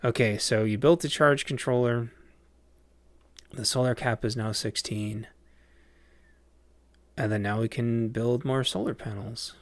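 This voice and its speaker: A man's voice: mid-range voice, steady tone, measured pace, long pauses, dry recording. A man casually chatting on a livestream while playing a game, rambling with lots of fillers and restarts. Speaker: game streamer.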